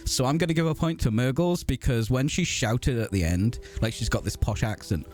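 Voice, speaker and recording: A man chatting after a tabletop game, giving warm, effusive praise to fellow players. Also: medium pitch, brisk, soft background music. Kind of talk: post-game chat.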